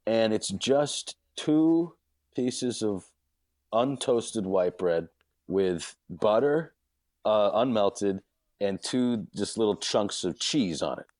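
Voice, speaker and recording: A man's voice: fairly low pitch, animated, slow, darkish tone, dry recording, clean studio sound. A man, a podcast guest, telling a comic story with big energy, often laughing mid-sentence and acting out the quotes.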